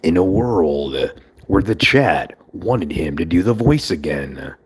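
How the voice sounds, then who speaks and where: A man voicing a dramatic male movie-trailer narrator with a slow, portentous announcer delivery. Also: low voice, lively intonation, breathy edge, voice pushed down, full character voice.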